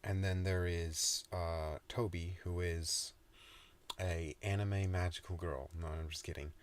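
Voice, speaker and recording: A man's voice: deep voice, fairly even intonation, measured pace. A man reading his own story aloud in a soothing style, with casual, joking asides.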